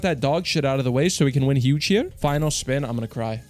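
A young man talks fast and loose over his gambling session, swearing freely and swinging from low grumbles to sudden excited yells. His voice sits at an ordinary middle pitch, and faint music plays quietly behind him. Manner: excitable, profane, jumps to loud yells. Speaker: slots streamer. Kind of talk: hyped gambling commentary.

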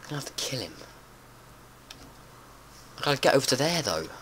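A man giving casual let's-play commentary, chatty and prone to swearing and panicked yelling. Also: mid-range voice, very animated, brisk. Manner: chatty, swears a lot, panics and yells when startled. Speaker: gameplay commentator. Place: home room with window open. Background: faint outdoor noise and keyboard typing.

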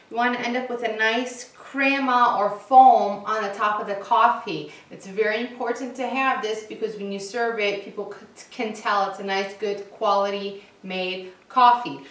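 A young woman hosting a casual cooking demonstration, chatting in a relaxed way with lots of "uh" and "um" fillers. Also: a little high, echoey room. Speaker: cooking show host.

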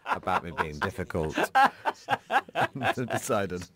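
A man from Britain giving a casual film commentary, deadpan and mock self-important, rambling through his stories. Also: fairly low pitch, slow pace, husky.

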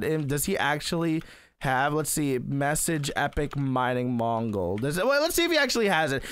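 Young male gamer, high lively voice, excitable let's-play commentary, smooth and dry. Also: no echo. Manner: excitable, exclaims and laughs often. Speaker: gaming YouTuber.

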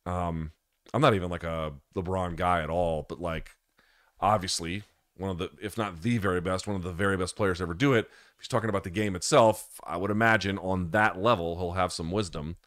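A man's voice: deep voice, fairly even intonation, a little fast, a bit bright, no room sound, studio quality. A male host in a casual live-stream chat, answering viewer questions in a candid, loose way and swearing freely.

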